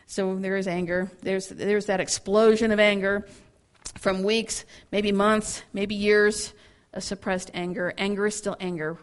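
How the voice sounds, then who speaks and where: Animated woman giving a Bible teaching. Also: medium pitch. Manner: animated, acts out angry quotes, laughs often; repeats words when starting sentences. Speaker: women's ministry speaker.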